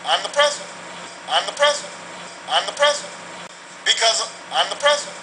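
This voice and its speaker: A woman's voice: medium pitch, big pitch swings, a little fast, noisy background, natural voice. Woman mocking a pompous male president. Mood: smug. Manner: mocking, droning repetition. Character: pompous self-important male president, repeating himself.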